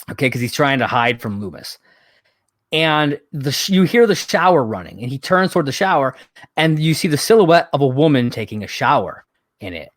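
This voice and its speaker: A man's voice: on the high side, no room sound. Profane, exasperated male podcast host, dry sound. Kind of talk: casual wrestling recap chat.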